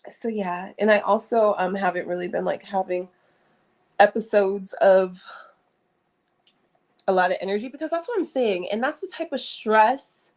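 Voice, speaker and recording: A young woman hosts a livestream, chatting frankly and animatedly with viewers and often repeating herself for emphasis. Her voice is mid-range, moving at a normal speed with frequent pauses. It's picked up on a streaming setup.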